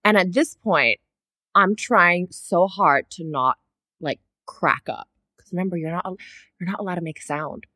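A woman with a fairly low voice tells a story in a casual podcast chat. She is lively and swears freely, and she acts out her own reactions as she goes. The sound is dry and close, with no room echo. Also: moderate pace. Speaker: podcast co-host.

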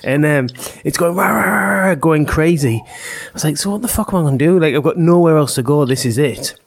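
A man telling a sweary, animated story to an old friend and laughing as he goes. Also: fairly high pitch, brisk. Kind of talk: casual storytelling chat between old friends.

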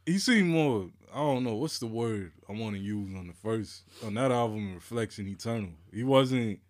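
A man's voice: fairly low pitch, lively intonation, normal speed. A man co-hosting a podcast, laid back and chatting casually about hip hop, saying yeah and yo a lot. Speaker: podcast co-host.

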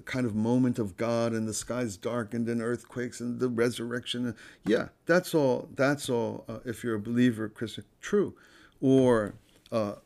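A man talks through a scripture story in a loose, conversational way, circling back and repeating himself as he searches for words. His voice sits at an ordinary middle pitch with a gravelly, creaky edge. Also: darkish tone. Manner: halting, repeats phrases, restarts often; earnest, unhurried, conversational. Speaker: speaker giving a reflection. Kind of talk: informal spoken reflection on scripture.

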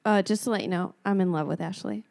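A woman's voice: mid-range voice, fast, creaky, a little mellow. A woman hosting a podcast, reacting to her friend's story with teasing jokes and laughter. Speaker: podcast host. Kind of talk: casual chat.

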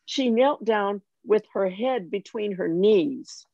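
An older woman telling a personal faith story in conversation, animated and self-mocking, with frequent restarts. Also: medium pitch, slow, gravelly, no echo, dull audio. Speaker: guest sharing her testimony.

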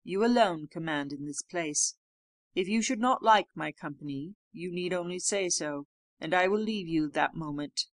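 A woman reading aloud voices a gentle, melancholy male beast in a storybook, speaking humbly and with awkward politeness in a gruff voice. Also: fairly low pitch, normal speed, no echo, natural voice. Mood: humble.

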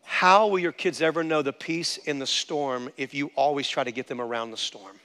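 A man's voice: medium pitch, moderate pace, bright, forceful tone. A male pastor preaching a sermon with passion, calling out to the congregation for amens. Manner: impassioned preaching, calls for amen. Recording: long hall reverb.

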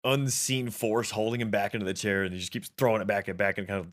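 A man's voice: on the low side, steady tone, quick pace. A man chatting eagerly about films as a podcast co-host, rambling with lots of fillers. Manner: enthusiastic, rambling with many fillers. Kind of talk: casual film discussion.

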